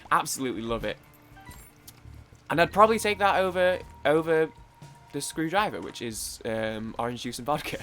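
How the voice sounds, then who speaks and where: A man's voice: fairly high pitch, lively intonation, normal speed, fairly bright tone, faint music behind. A young British man rambling chattily through casual let's-play commentary, full of fillers and swearing. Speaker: gaming YouTuber.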